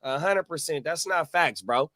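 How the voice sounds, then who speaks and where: A man's voice: fairly high pitch, expressive, moderate pace, sharp tone, slight background noise. A man co-hosting a casual podcast, arguing basketball with lots of filler and a habit of saying bro. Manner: argumentative, filler-heavy, says bro a lot. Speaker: podcast co-host. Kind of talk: casual chat.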